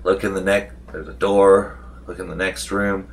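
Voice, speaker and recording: In a low, gravelly voice with a level tone and moderate pace, a vlogger casually goes over a tabletop game session. He meanders with fillers and restarts, and slight background noise is present.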